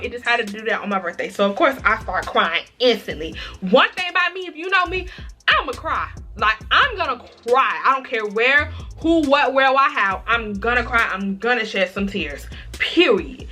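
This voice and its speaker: A young woman chatting through a casual storytime vlog, dramatic and expressive, often calling her viewers y'all. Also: a little high, normal speed, soft background music. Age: young adult. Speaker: vlogger.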